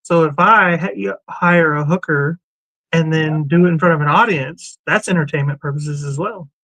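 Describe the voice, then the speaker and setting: A man with a high voice trades blunt wisecracks in casual podcast banter. The recording is dry and close, with no room sound. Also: brisk, bright, forceful tone, no echo, poor audio. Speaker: podcast co-host.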